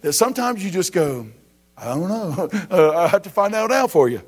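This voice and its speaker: A high-pitched man delivers a sermon as pastor. He mixes scripture reading with casual asides and builds emphasis through rhetorical questions. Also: big pitch swings, brisk, faint music behind.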